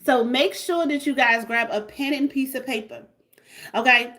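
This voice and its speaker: Brief: hyped woman host, repetitive livestream sales pitch, voice a touch high. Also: steady tone, normal speed, pushed and bright. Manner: repetitive, hyped, call-and-response. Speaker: livestream host selling a membership.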